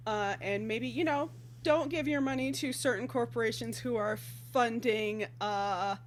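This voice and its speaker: A woman's voice: fairly high pitch, a little slow, a little hiss or hum. A woman player giving announcements on a stream, earnest and hesitant with many fillers. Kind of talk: casual stream chat.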